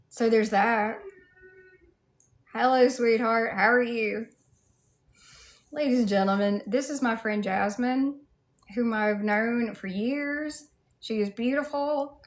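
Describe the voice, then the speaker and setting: A woman with a Southern US accent chatting casually on a livestream, reading out viewers' comments and greeting them in a playful, sassy way. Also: on the high side. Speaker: livestreamer in cosplay.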